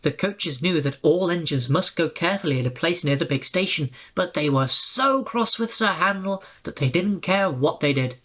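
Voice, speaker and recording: A narrator reading a children's railway storybook aloud in a brisk, clear way. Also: medium pitch, a bit bright.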